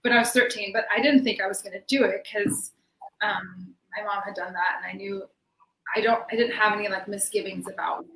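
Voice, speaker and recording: A woman's voice: mid-range voice, fairly even intonation, brisk, fairly bright tone, echoey room, slight background noise, poor audio. A woman speaking as a dancer guest in a casual interview, chatty and laughing often, with many fillers, on a video call from home. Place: home room in Sweden.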